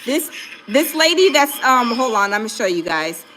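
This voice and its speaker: A woman's voice: on the high side, big pitch swings, moderate pace, bright, forceful tone, a little hiss or hum. A woman hosting a casual gossip livestream, rambling and chatty with lots of fillers while she searches for clips. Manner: rambling, chatty, many fillers and hold-ons. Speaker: gossip YouTuber host.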